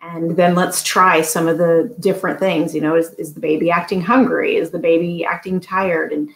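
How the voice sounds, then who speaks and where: A woman who educates new parents, answering interview questions in a calm, explanatory way. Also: on the low side, normal speed, vocal fry. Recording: echoey room.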